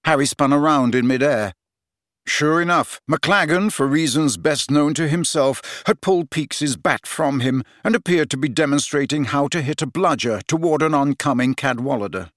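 A man narrating an audiobook with steady, expressive storytelling. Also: fairly high pitch, moderate pace, no echo, clean studio sound. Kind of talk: scripted narration.

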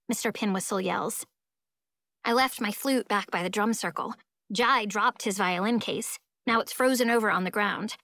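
A woman narrating a children's fantasy audiobook in the first person, lively and expressive. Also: medium pitch, normal speed, no room sound, clean studio sound.

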